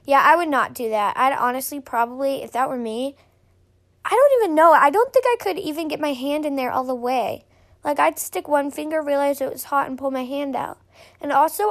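Young woman vlogger with a high voice. Rambles and chats while reading stories aloud. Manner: chatty, rambling, many fillers. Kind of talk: casual reading and commentary.

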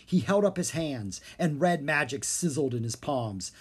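A narrator reading a children's fantasy book aloud with steady storytelling. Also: medium pitch, unhurried, breathy edge. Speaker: audiobook narrator.

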